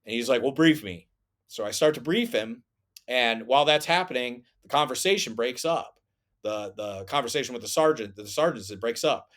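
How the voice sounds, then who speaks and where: A man's voice: medium pitch, expressive, normal speed, a bit bright. A man and former soldier telling a story on a podcast in a casual, rambling way, with lots of fillers and restarts.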